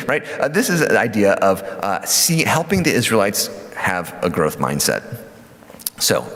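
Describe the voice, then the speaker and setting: A man giving a church lecture on scripture, lively and conversational with many fillers and asides. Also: low-pitched. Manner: lively teaching with fillers and acted quotes. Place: church hall. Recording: hall reverb.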